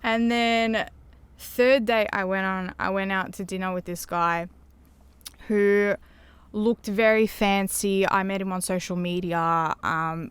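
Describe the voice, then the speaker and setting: In a caravan music studio, a woman guesting on a podcast tells an animated story, acting out the words of other people as she chats casually. Her voice is medium-pitched and smooth, and the recording is dry.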